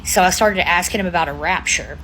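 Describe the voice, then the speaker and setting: A woman casually recounting a story to viewers, dropping to a hushed flat voice for quoted answers. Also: fairly low pitch, a little fast, slight background noise, poor audio. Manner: drops to a hushed flat voice quoting one-word answers.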